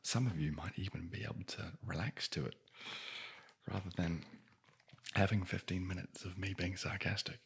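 A man's voice: low-pitched, fairly even intonation, normal speed, breathy edge. A man telling a bedtime fairy tale in a whispered ASMR style, with dry, sarcastic asides. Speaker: ASMR storyteller.

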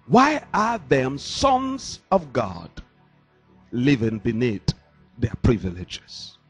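Emphatic preaching man, husky and lively. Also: mid-range voice. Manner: emphatic preaching with rhetorical questions. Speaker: pastor. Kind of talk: sermon. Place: church. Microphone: handheld microphone.

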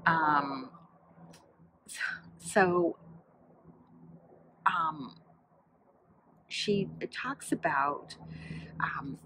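A woman's voice: low voice, slow pace, pauses often, noisy background. A woman chatting casually about a book she read, rambling with many fillers as she flips through its pages to find examples. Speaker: book vlogger.

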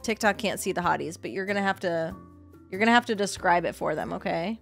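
A woman's voice: lowish voice, quick pace, vocal fry, fairly bright tone, faint music behind. A young woman streaming a game, joking with crude asides and chatting casually.

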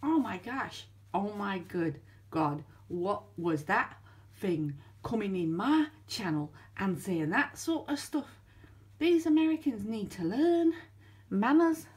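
Animated woman hosting a toy story time. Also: medium pitch, slow. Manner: animated, theatrical dismay. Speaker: channel host, toy storyteller. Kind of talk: playful toy story vlog narration.

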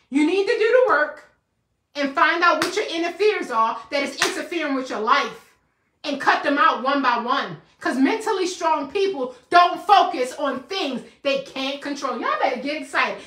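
Motivational woman host, bright and sharp, slangy and preachy. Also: high-pitched, lively intonation, a little slow, roomy sound. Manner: preachy, calls listeners baby, casual slang. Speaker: host of a healing show. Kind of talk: motivational live talk.

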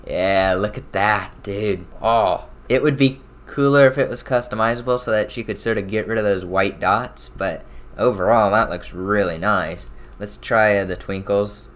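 A young man casually commenting on his own shooter gameplay, excitable and quick to burst out loud. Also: fairly low pitch. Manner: excitable, swings to loud outbursts. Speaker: gaming channel host.

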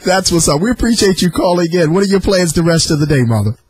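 Man, radio host, very raspy, animated pitch, encouraging interviewer. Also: fast, no room sound. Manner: friendly, affirming, says "I know that's right".

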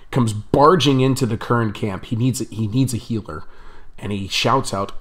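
A man's voice: medium pitch, moderate pace. A young man telling a rambling story on his vlog, chatty and laughing often. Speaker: vlogger.

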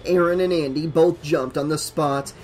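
A man narrates a horror novel in a scripted audiobook read. His voice sits on the high side, and he leans hard into the dramatic beats. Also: steady tone, normal speed, a little mellow, a little hiss or hum.

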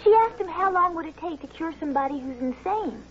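A woman's voice: extremely high pitch, lively intonation, fast talker, muffled recording, slight background noise. An actress playing a naive, sweet young Southern woman with a Southern US accent in a 1980s sitcom, chatty and innocent.

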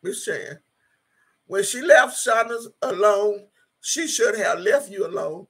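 A woman hosts a casual livestream and reads her viewers' comments aloud. Her voice is gravelly and husky with a rough edge. She talks bluntly, swears freely and slips into prayer. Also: mid-range voice, lively intonation, takes it slowly, a bit bright. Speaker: YouTube live streamer.

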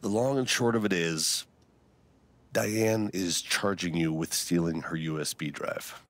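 An actor playing a stern small-town sheriff in a video game, speaking slowly and matter-of-factly. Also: male voice, low-pitched, fairly bright tone, no room sound.

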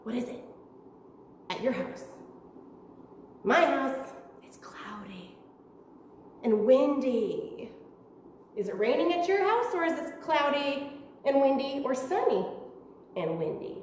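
A woman's voice: sits high, very animated, takes it slowly, long pauses, darkish tone, slight background noise. A woman teaching preschoolers from home, talking in a sing-song, child-directed way. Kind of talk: virtual preschool lesson. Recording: echoey room, far from mic, faint ambience.

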